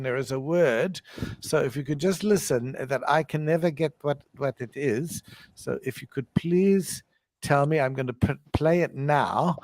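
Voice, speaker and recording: Hesitant male host, slightly high voice, dry close sound. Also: a little mellow, no room sound. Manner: hesitant, stop-start, laughs often. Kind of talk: casual call-in chat.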